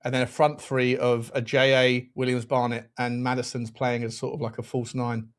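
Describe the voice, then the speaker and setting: A man hosting a live football watchalong, animated and excitable, quick to laugh and swear while chatting over the match. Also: mid-range voice. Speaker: fan channel host.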